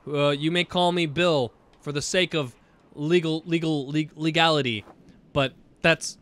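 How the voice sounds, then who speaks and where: A man's voice: a little high, a little slow. A young man hosting a casual gaming video, rambling and stammering as he chats, laughing often. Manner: excited whoops while playing. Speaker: gaming channel host. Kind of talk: casual let's-play commentary.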